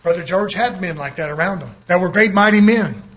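A man preaching a fiery sermon, shouting and driving his points home with rising intensity. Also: high voice, brisk.

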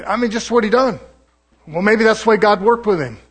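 A man's voice: sits high, lively intonation, moderate pace, breathy edge. A man, a pastor, preaching a folksy, conversational sermon and sometimes mimicking other preachers.

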